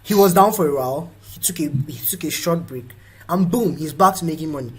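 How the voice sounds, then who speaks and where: A young Nigerian man hosting a motivational live talk, animated and quick to act out the voices of people in his stories. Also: on the high side, breathy edge, low-quality recording. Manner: animated, acts out quoted voices. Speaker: host.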